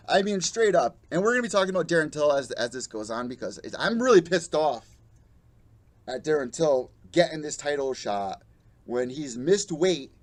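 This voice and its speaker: A young adult man hosting a live MMA show, ranting bluntly and profanely and mocking the fighters he quotes. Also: on the high side. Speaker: podcast host. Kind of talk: live-streamed MMA commentary rant.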